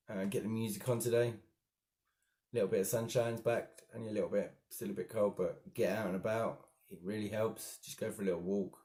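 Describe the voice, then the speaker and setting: A man talking through his day in a rambling, halting, self-reflective monologue. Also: on the low side, fairly even intonation, mellow. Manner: rambling and halting, with frequent restarts. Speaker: daily vlogger.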